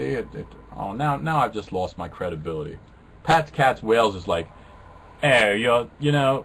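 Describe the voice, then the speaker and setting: Flippant male webcast host, animated delivery, light background noise. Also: medium pitch. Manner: flippant, joking, self-mocking. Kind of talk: casual rambling chat with viewers.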